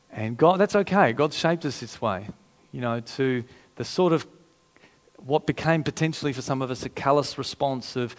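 A pastor preaching a sermon in a conversational, emphatic way, repeating phrases for effect. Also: male voice, mid-range voice, moderate pace.

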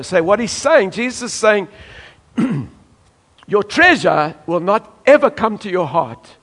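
A man's voice: high voice, big pitch swings, slow, long pauses, a bit bright. A man from South Africa preaching a sermon emphatically, now and then acting out voices from the congregation. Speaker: pastor.

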